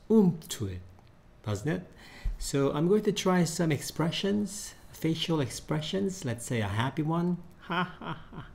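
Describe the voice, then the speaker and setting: Slow-talking man testing expressions. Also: mid-range voice, creaky, a little mellow. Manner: slow, hesitant, acts out expressions. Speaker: 3D animation hobbyist. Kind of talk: casual talk testing facial expressions. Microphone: studio microphone.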